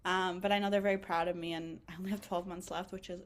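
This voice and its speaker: Talking fast in a fairly low-pitched voice, a young woman in her twenties who studies to be a physician assistant chats as a podcast guest in a casual interview. Her manner is emotional and animated, packed with fillers and frequent laughter.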